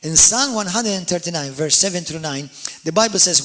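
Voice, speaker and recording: A man preaches a sermon in a somewhat high, bright and forceful voice. He moves between quiet, quick explanation and loud, drawn-out calls, scattering hallelujahs and amens throughout. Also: animated. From Malta. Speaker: pastor.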